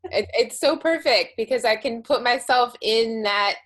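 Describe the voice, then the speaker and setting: A woman's voice: on the high side, a little slow, fairly bright tone. A woman reflecting aloud in a casual conversation, often restarting her sentences.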